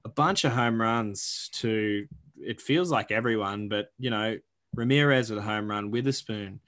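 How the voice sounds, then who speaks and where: A young Australian man co-hosts a sports podcast, his voice on the low side and unhurried. He's animated and joking, chatting casually and rattling off stats with lots of fillers.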